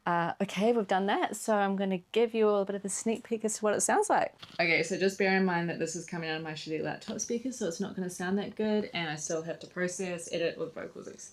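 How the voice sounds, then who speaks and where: New Zealand woman, songwriter vlogger, casual and chatty, middle pitch. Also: quick pace, hardly any pauses. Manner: chatty, peppered with "like". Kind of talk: casual vlog chat.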